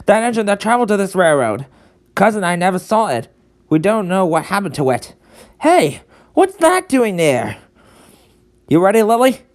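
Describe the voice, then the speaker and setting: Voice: medium pitch, very animated, normal speed, long pauses, natural voice. A performer voicing a carefree, beach-loving young male conductor in a fan redub, with a laid-back, slangy delivery.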